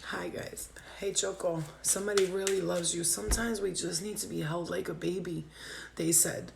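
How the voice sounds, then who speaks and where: A woman's voice: lowish voice, fairly even intonation, moderate pace, creaky, background noise. A woman doing a spiritual reading on a livestream, talking to viewers in a heartfelt, emotional way and swearing freely. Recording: roomy echo.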